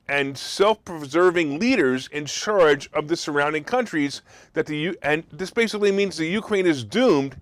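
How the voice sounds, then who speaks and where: A man's voice: on the high side, a bit bright, no room sound. A man hosting a market talk show, delivering a sarcastic, mocking commentary monologue. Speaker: host.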